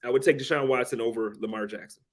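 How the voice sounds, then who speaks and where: A man speaking as a guest on a sports podcast, relaxed and casual, hesitating as he forms his opinions. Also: medium pitch, fast. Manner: relaxed, hesitant restarts while forming opinions.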